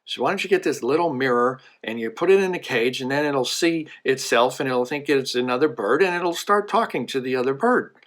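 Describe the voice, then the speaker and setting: A man's voice: mid-range voice, a little fast, hardly any pauses, a bit bright, close to an everyday voice. A man voicing a pet shop owner who is puzzled and eager to please. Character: fussy, helpful male pet shop owner.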